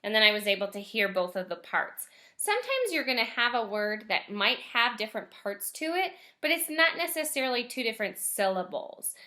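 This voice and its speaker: A woman gives a recorded lesson to first graders in a bright, slightly high voice. She speaks gently and encouragingly. She slows down and stretches words out so young children can hear each sound.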